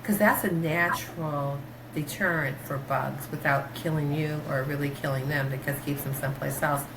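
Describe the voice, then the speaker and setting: A woman doctor talking in a casual interview, rambling through stories with many fillers and restarts, her pitch jumping when she quotes herself. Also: moderate pace, background noise. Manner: animated, pitch jumps when quoting herself. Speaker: guest, doctor.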